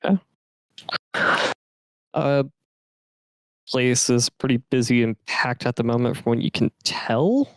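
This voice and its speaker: A man's voice: medium pitch, expressive, slow pace, long pauses, clean tone, no room sound, studio quality. A man narrating as game master for a tabletop game, setting scenes casually with fillers.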